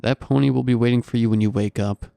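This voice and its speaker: A man's voice: medium pitch, fairly even intonation, fast talker, vocal fry, mellow, clean tone, dry recording, soft background music, lightly acted. A man reading the lines of a tough female hitwoman, delivered curtly and bluntly. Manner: curt and hard-bitten.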